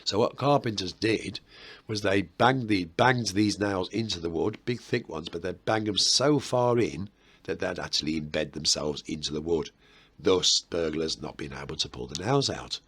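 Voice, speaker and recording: Husky low-voiced Brummie man. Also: normal speed, a bit bright. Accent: Birmingham. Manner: chatty and rambling, with self-mocking asides. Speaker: history video host. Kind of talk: casual history explainer to camera.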